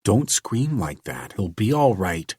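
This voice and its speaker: A gruff, practical prisoner, voiced by a man reading a storybook. He talks steadily and reassuringly in a low, husky voice at an unhurried pace. The sound is dry and close. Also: very animated, darkish tone, no room sound, exaggerated voice. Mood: steady. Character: hot-tempered jailed man, practical and calm.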